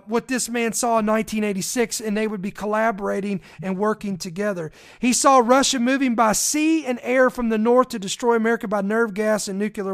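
A preacher in an emphatic, preaching-style talk who reads accounts aloud and breaks off with direct asides to listeners. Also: mid-range voice.

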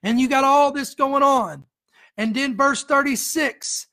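A woman's voice: high-pitched, measured pace, a bit bright. A woman preacher delivering an emotional sermon, full of fervent, repeated exhortations to the congregation.

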